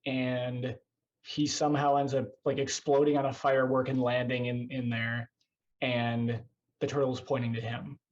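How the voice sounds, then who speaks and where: A man's voice: mid-range voice, little pitch movement, moderate pace. Rambling male podcast host, muffled call audio. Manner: rambling, self-deprecating, swears casually. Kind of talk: casual podcast chat. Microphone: video call.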